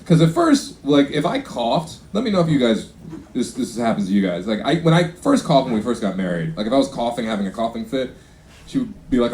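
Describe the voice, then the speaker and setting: A man emceeing a comedy show, talking in a rambling, halting way full of fillers. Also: medium pitch, big pitch swings, mellow. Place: comedy club stage. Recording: echoey live club with crowd noise.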